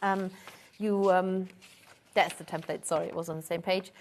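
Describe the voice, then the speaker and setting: A woman guest crafter on a live sewing show, explaining step by step in a relaxed way with frequent ums. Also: lowish voice, normal speed, slight background noise. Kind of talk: craft demonstration.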